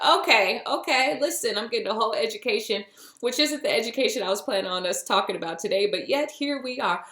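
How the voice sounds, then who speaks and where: A woman's voice: a little high, brisk, a bit bright. A woman hosting a spiritual podcast, talking in a chatty, playful way and tossing in pet names as she goes. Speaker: podcast host. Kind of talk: casual spiritual podcast monologue. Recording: roomy echo.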